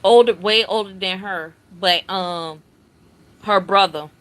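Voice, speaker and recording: A middle-aged woman hosting a casual livestream, telling a family story in an animated, chatty way. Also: mid-range voice, slow. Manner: animated, chatty, acts out family members' voices. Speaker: livestream host.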